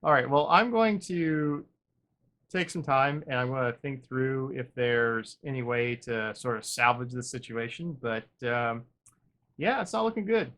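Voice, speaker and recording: A man hosting a gaming video, thinking aloud in casual commentary with wry, self-deprecating humor, drifting between upbeat remarks and quiet muttering. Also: mid-range voice, a little slow. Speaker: gaming channel host.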